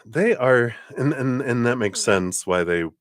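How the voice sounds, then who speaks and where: A man's voice: mid-range voice, expressive, unhurried, no echo, clean studio sound. A man doing a live-stream tarot card reading, rambling with many fillers, self-corrections and frequent laughs. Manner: laughs often between remarks.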